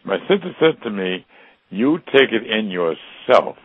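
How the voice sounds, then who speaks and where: An older American man tells his story in an earnest, reflective way, often restarting his sentences. His voice sits low with a gravelly edge. The recording sounds dull and dry. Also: sing-song, unhurried, no echo. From United States. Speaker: interview guest. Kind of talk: storytelling interview.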